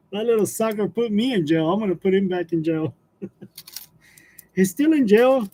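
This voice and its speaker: Man, high-pitched voice, livestream host, casual chat, frequent laughter, loose rambling talk. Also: lively intonation, unhurried, mellow. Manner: laughs often while telling stories, chatty with fillers.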